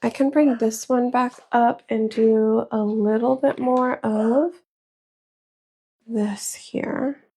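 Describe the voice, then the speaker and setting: A crafter and live seller in her thirties chats easily with her livestream viewers, whom she calls y'all, while working on crafts in a small room at home. Her voice is fairly high, slow, mellow and slightly rough, with fairly even intonation.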